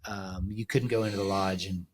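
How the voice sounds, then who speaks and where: A middle-aged man talks as a podcast guest in a loose, rambling way, leaning on filler words. His voice is on the low side. He sounds relaxed and easygoing. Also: normal speed, a little hiss or hum. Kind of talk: casual chat.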